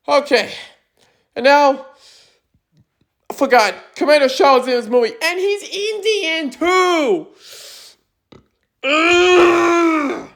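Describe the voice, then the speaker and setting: High-pitched woman ranting about a film. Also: lively intonation, takes it slowly, pauses often. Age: young adult. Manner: exasperated, emphatic, breaks into shouting. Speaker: movie reviewer. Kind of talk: ranting movie review.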